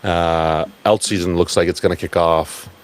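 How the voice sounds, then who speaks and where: A man giving a blunt, profane, animated live talk at a crypto event. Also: low voice, normal speed.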